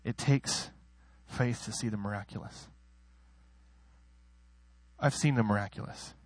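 A man preaching a sermon, emotional in delivery, moving between soft personal asides and loud, soaring declarations, with self-deprecating laughs. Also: a little slow, no echo. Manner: emotional, swings from soft asides to loud high-pitched exclaiming; laughs at himself between points.

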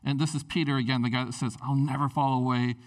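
Guy preaching a laid-back sermon, chatty and animated, mic a bit far off. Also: mid-range voice, fast talker. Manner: conversational, animated preaching with many fillers. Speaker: pastor.

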